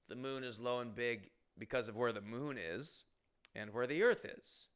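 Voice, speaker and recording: Bright-voiced young man telling rambling stories. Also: medium pitch, normal speed, smooth. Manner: rambling, profane, self-interrupting. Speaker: comedian podcast host. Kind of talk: casual comedic storytelling.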